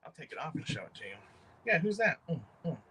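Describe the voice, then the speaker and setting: Excitable, profane livestream host. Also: male voice, on the high side, quick pace, slight background noise. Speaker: livestream host showing custom figures. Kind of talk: casual livestream chat.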